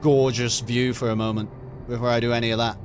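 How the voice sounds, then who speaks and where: A man's voice: medium pitch, level tone, fast, faint music behind. A man streaming a video game, joking and sarcastic as he comments, with swearing. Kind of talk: casual let's-play commentary.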